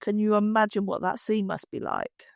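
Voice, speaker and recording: A woman's voice: mid-range voice, sing-song, normal speed, vocal fry, no echo, studio quality. A woman, co-hosting a podcast in casual chat. She answers her friend with short, supportive replies and encouragement. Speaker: podcast co-host.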